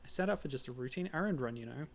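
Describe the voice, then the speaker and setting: A man's voice: mid-range voice, animated, rapid-fire, natural voice. A man voicing a frustrated young male frog hero in a video game, exasperated and demanding.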